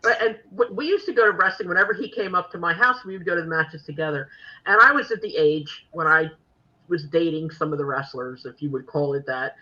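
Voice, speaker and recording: A woman hosting a podcast, telling lively stories in casual chat and laughing often. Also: low-pitched, fairly quick, highs cut off. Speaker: podcast host.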